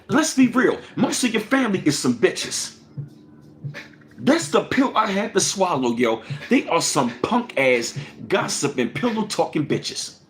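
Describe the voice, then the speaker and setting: A man hosting a livestream, ranting angrily and profanely with lots of repetition, swinging between loud bursts and low mutters. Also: very animated, measured pace, a little hiss or hum. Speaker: livestream host.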